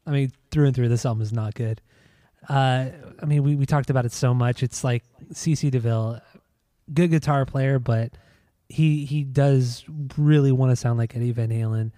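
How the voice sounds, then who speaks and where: Male podcast host, mellow voice, dry sound, wry and dismissive. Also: mid-range voice, steady tone, moderate pace, no room sound. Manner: wry, dismissive, steers the episode. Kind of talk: casual chat, album review.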